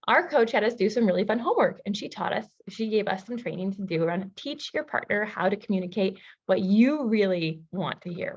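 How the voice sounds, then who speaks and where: A woman relationship coach teaching a masterclass, telling personal stories in a lively, casual way. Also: medium pitch, dull audio. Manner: lively storytelling, casual fillers.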